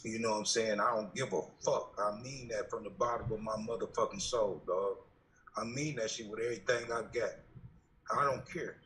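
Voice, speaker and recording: A man's voice: on the low side, moderate pace, reverberant, distant mic. A man on a discussion panel, talking bluntly and profanely and often raising his voice. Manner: profane, blunt, emphatic, rants loudly. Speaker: panel member.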